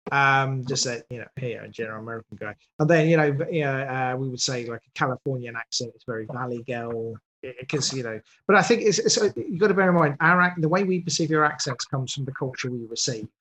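A man's voice: mid-range voice, brisk, hardly any pauses, a bit bright, poor audio. A man, a guest producer of audio drama, chatting in an interview and often breaking off to restart his sentences. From England. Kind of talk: podcast interview.

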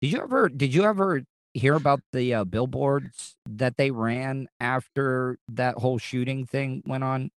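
A man's voice: mid-range voice, a little slow, few pauses, dry recording. A man hosting a casual talk show, telling stories in a rambling, profane way with many restarts. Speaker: podcast host. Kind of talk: casual chat. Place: Orlando, Florida.

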